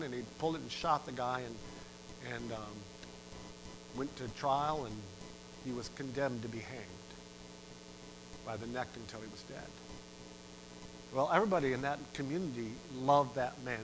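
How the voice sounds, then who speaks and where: A middle-aged man preaching a sermon, telling a story with dramatic rises in volume and sudden drops to a hush. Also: noisy background. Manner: dramatic, swells loud for emphasis and drops low. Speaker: pastor.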